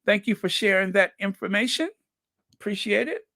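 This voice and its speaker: A man hosting a casual livestream, reading viewer comments aloud slowly and chuckling between them. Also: sits high, expressive, bright, forceful tone, no room sound, studio quality. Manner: slow and chatty, reads comments aloud with frequent "let me see" and chuckles. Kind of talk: casual live-chat commentary.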